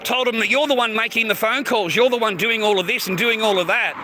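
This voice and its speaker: A man's voice: high-pitched, quick pace. A man livestreaming outdoors by the sea, ranting and mocking in a profane, rambling way, calling everyone mate and bro. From United States. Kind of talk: rambling live-stream rant. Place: outdoors near the sea, walking by traffic. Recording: loud street and car noise.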